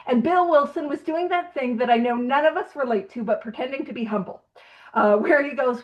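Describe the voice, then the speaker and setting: A woman leading a recovery study meeting, telling a story in a casual, animated way and laughing often. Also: high voice, brisk, highs cut off. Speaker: meeting leader.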